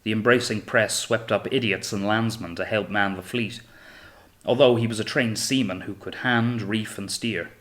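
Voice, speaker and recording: A man reading an audiobook of a naval novel in a steady, measured way. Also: on the low side. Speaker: audiobook narrator. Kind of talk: scripted audiobook narration.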